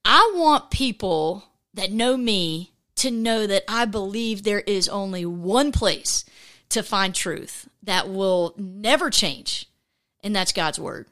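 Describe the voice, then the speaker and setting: A woman hosting a casual faith podcast, talking in a chatty, animated way with lots of fillers and restarts. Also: medium pitch, takes it slowly. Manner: acts out quoted voices. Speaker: podcast host.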